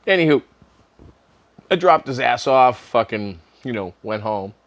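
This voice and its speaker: Speaking unhurriedly in a mid-range voice, a middle-aged man shares a story from his own life straight to camera. He swears liberally, laughs often, and stays lively throughout.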